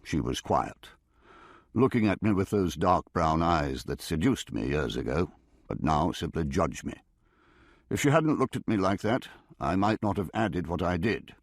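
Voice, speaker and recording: A wry, reserved husband tells his own story, read by a man in a very deep voice that still rises and falls with lively movement. The delivery is measured, and the recording is dry and close. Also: no echo, full character voice. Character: reserved middle-class husband narrating. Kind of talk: audiobook narration. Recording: dry close studio sound.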